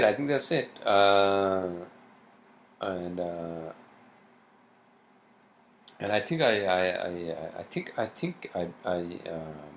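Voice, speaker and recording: A man's voice: low voice, slow pace, creaky, long pauses, slight background noise. A man ranting in a solo vlog, worked up and swearing constantly, with many fillers and restarts. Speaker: vlogger. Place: New York home.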